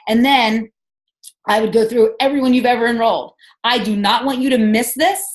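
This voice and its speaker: A woman's voice: a little high, fairly even intonation, normal speed. A woman leading a team call, coaching with energy and enthusiasm and firing off rhetorical questions. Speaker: sales team leader. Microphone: conference call.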